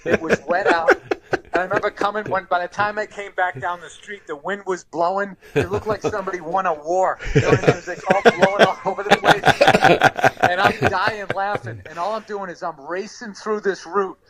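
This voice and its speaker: A man with a somewhat high voice co-hosts a podcast. He spins an energetic anecdote and swears freely as he goes. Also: fairly quick, a loud crowd. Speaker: podcast host. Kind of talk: casual storytelling. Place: podcast studio.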